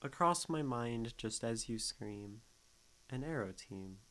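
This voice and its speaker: A man's voice: medium pitch, animated, takes it slowly, fairly bright tone, slight background noise, rough recording. A man streaming as a poetry critic, thinking aloud in a casual way and sounding out rhythms and syllables as he reads lines. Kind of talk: casual livestream poetry analysis.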